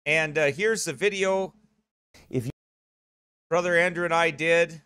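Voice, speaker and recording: Brief: middle-aged US pastor, high bright voice, dry close sound, chatty and rambling. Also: male voice, a little slow, clean tone, dry recording. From United States. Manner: rambling, joking asides. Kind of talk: church announcements before a sermon.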